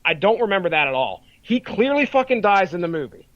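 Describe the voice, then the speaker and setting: Bright, dry-sounding podcast co-host. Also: male voice, sits high, sing-song, brisk, no room sound, lo-fi sound. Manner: rambling retelling, swears and laughs freely. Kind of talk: casual chat.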